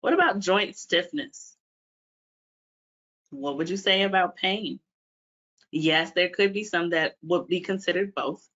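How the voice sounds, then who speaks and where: A woman's voice: lowish voice, measured pace, long pauses, a bit bright. A woman from Washington, D.C., a physical therapist, presenting a webinar and putting questions to her audience. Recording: dull lo-fi webinar audio.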